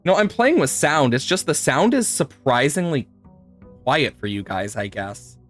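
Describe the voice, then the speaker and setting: A man's voice: on the high side, expressive, a little slow, a bit bright, soft background music. A man streaming a puzzle game live, chatting to viewers, laughing often and swearing now and then. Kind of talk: live gameplay commentary.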